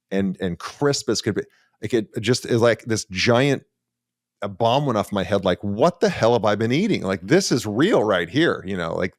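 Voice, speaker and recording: A middle-aged man hosting an interview podcast, talking with excitement and lots of "like" and "you know". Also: lowish voice, dry recording, clean studio sound. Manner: enthusiastic, filler-heavy, animated. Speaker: podcast host. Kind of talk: casual interview conversation.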